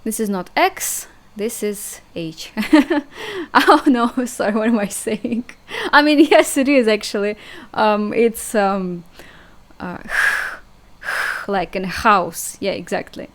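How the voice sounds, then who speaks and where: A young woman with a Russian accent, a native Russian speaker, teaching an online language lesson in a chatty, hesitant way, repeating sounds slowly and laughing at herself. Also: medium pitch, animated.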